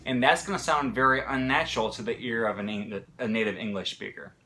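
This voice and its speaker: A man's voice: mid-range voice, steady tone, fairly quick, sharp tone, slight background noise. A man with an American accent explaining pronunciation in a casual lesson, talking in short bursts with fillers and restarts. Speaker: language teacher.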